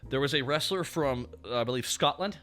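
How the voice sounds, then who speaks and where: A man's voice: mid-range voice, a little fast, a bit bright. A young man hosting a casual stream chat in a laid-back way, swearing offhandedly and laughing often. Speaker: streamer host.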